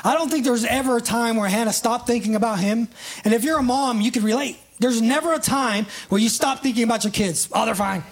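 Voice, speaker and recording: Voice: mid-range voice, brisk. A preacher giving a conversational sermon, often checking in with "right?" and "you know", and calling listeners up to act out the story. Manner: casts listeners in live illustrations.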